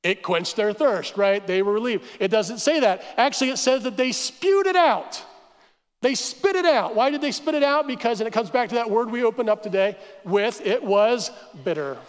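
A man preaching a sermon as pastor, telling the story with animated asides and acting out the crowd's complaints. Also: extremely high pitch, moderate pace, clear, resonant tone. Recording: church hall reverb.

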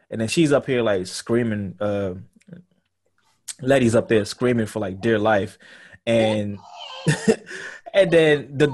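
A man co-hosting a podcast, casually recapping a TV episode as a loose story full of profanity. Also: mid-range voice. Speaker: podcast co-host.

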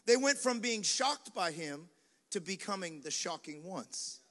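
A male pastor preaching a sermon in a lively, conversational style, with quick acted asides and dares to the congregation. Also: high voice. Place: large venue with live congregation. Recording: long hall reverb.

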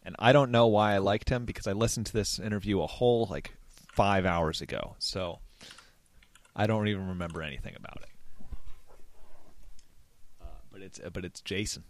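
A man's voice: on the low side, moderate pace, long pauses. A man chatting casually with a dry, teasing humor. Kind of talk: casual chat.

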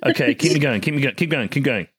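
A man's voice: medium pitch, lively intonation, fast talker, fairly bright tone, husky, dry recording, studio quality. A man who hosts the show, learning an accent in casual, self-mocking chat and laughing often. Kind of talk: casual, joking lesson chat.

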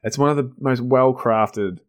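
A man's voice: mid-range voice, a little slow. A man co-hosting a podcast in casual chat, enthusiastic and laughing often, with many fillers and restarts. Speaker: podcast co-host.

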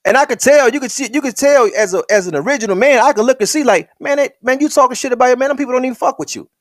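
A man's voice: very high voice, very fast, dry recording, studio quality. A man giving a heated, profane commentary rant, talking straight at his listeners in a colloquial, emphatic, repetitive way. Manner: addresses the listener directly, colloquial. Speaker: online commentator.

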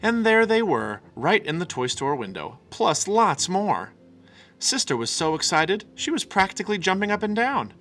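Man, storybook reading, lively swooping pitch, bright tone, faint music behind. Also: normal speed. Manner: animated, expressive. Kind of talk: reading a children's picture book aloud.

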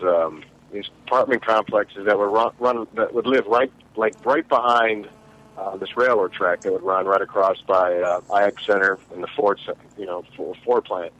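Brief: lower-voiced Midwestern guy, hesitant, dull lo-fi recording. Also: steady tone, fairly bright tone. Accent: Midwestern American. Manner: halting, hesitant, full of restarts. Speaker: podcast co-host. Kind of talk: casual storytelling among friends. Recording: dull lo-fi sound.

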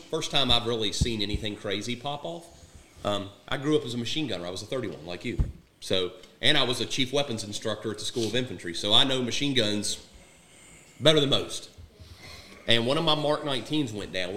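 A middle-aged retired Marine platoon sergeant shares war stories casually, bluntly and candidly, swearing freely. His mid-range voice is bright with a forceful tone, and the echoey room recording carries a little hiss or hum.

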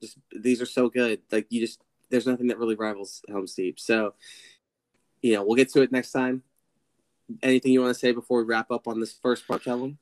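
A man's voice: mid-range voice, level tone, fairly quick. Male co-host for a film chat podcast: mid-range voice, jokey and profane, loose and conversational. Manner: joking, profane, wraps up the show. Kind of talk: casual film discussion podcast.

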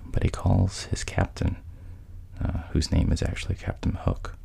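A man's voice: rumbling low, sing-song, moderate pace, creaky, background noise. A man casually retelling a film's plot, quoting the characters in his own voice and often sinking to a whisper. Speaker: storyteller retelling a film plot.

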